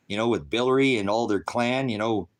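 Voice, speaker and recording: A man's voice: medium pitch, brisk. A man hosting a casual livestream, rambling in a conspiratorial way, laughing often and answering viewers in chat. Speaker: livestream host.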